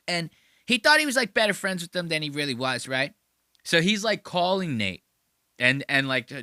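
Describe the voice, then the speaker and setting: Bright, dry-voiced excitable podcast host man. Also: on the high side, no room sound. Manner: excitable, profane, slangy. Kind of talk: casual commentary.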